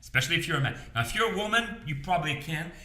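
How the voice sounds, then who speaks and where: A fairly high-pitched man talks at a racing pace, animated, bright and forceful, with a roomy sound. His casual advice talk to camera coaches business owners conversationally, with repeated phrases and frequent "okay?" and "you understand?" check-ins.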